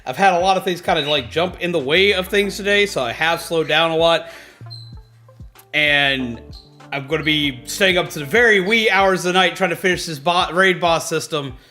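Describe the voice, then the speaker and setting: A man hosting a casual livestream, chatty and excitable, greeting viewers and repeating himself. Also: a little high, moderate pace. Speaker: livestream host. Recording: faint background music.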